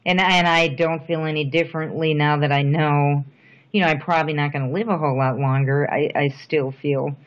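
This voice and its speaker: A woman's voice: low voice, steady tone. Reflective middle-aged woman, dull recording. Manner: soft-spoken, reflective, thoughtful pauses. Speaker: interviewee. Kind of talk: reflective personal interview.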